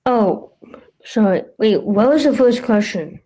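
A woman's voice: a little high, lively intonation, a little slow, mellow, rough recording. A woman co-hosting a casual podcast, answering questions hesitantly with plenty of fillers. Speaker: podcast co-host.

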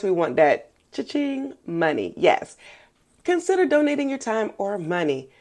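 A woman's voice: on the low side, gravelly, darkish tone. A woman hosting a live video chat, bubbly and chatty, welcoming guests and drawing out her greetings. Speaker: host. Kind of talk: casual live-stream chat.

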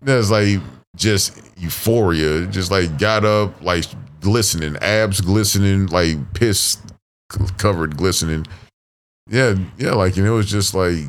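A man with a very low, deep voice talks loosely as a guest on a casual podcast. He rambles, stacks filler words and curses freely as he tells his stories. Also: a little slow. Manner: rambling, full of fillers and profanity.

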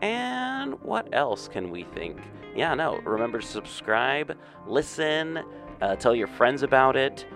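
A man's voice: mid-range voice, big pitch swings, takes it slowly, gravelly, over music. A man hosting a podcast, rambling casually with asides. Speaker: podcast host.

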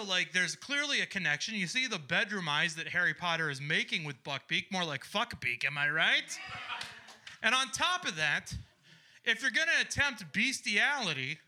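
A young man from Ohio doing a stand-up comedy set, crude and sardonic, launching into loud ranting bits. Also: high voice.

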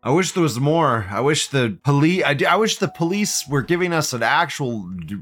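A man's voice: on the high side, animated, moderate pace, hardly any pauses, a bit bright, faint music behind. Profane, laughing male livestream host. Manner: profane, rambling, frequent laughter; repeats phrases in bursts. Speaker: host of a live commentary show. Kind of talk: casual livestream commentary.

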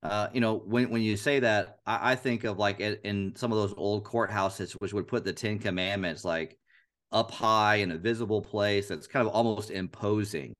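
A man with a very deep voice co-hosting a casual Bible discussion. He speaks in an earnest, animated way and repeats phrases aloud to illustrate his points. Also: moderate pace. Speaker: podcast co-host.

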